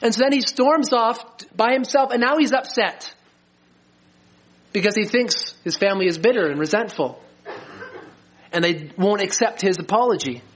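A middle-aged man preaching a sermon as a pastor, earnest and slowing down to stress key lines. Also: high-pitched, a bit bright. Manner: earnest, slows for emphasis.

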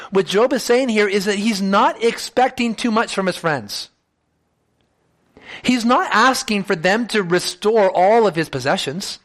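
A man's voice: high-pitched, expressive, unhurried, fairly bright tone. A man preaching an expository sermon, reading scripture aloud and explaining it, speaking the text's lines in first person with rising emphasis. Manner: reads scripture aloud, then explains it in plain words.

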